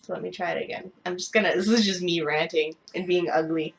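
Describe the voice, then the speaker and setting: A woman's voice: on the low side, fairly even intonation, fast, vocal fry. Profane ranting young woman vlogger. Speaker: beauty vlogger. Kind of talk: casual makeup review.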